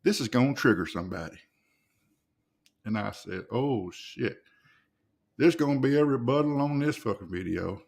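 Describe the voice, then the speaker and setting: Gravelly, foul-mouthed man reacting loudly. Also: mid-range voice, lively intonation, moderate pace, long pauses. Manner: loud, swearing, mocking. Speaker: podcast host reacting to videos. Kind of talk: profane reaction commentary.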